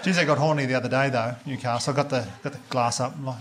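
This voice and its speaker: An Australian man doing a stand-up comedy set, telling crude stories in a deadpan way and quoting other people's voices. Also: medium pitch, quick pace. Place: comedy club stage before a live audience. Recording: live stage mic, loud crowd laughter. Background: audience laughter.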